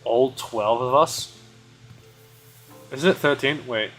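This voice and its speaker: A man's voice: medium pitch, slow, a bit bright, soft background music, rough recording. Man streamer, reads game text aloud, casual asides, some stumbles. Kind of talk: reading game dialogue aloud.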